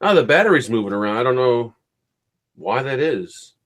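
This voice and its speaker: An easygoing man co-hosts a casual live stream, laying out product details and group news in a plain, matter-of-fact way. His voice sits at an ordinary middle pitch for a man. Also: big pitch swings, normal speed, a bit bright. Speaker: co-host who reviews vape gear.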